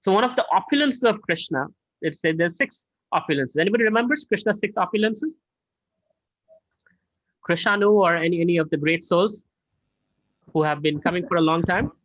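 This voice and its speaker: A man's voice: high voice, moderate pace, long pauses, dry recording. A man teaching an online scripture class, telling stories and asking his students questions. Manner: animated, conversational, asks the class questions. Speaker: spiritual teacher. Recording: dull dry online audio.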